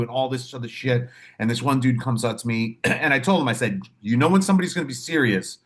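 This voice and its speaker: A man on a podcast telling animated, profane stories about his clinical work, acting out the voices in them. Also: mid-range voice. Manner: animated storyteller, profane, acts out quotes. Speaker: podcast host, mental health clinician. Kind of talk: casual podcast chat.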